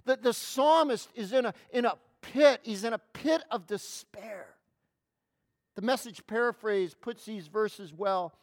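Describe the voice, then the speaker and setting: A woman's voice: a little high, unhurried, darkish tone. A woman preaching a sermon to a congregation, emphatic, stretching key words and often restarting her phrases. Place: in front of a congregation.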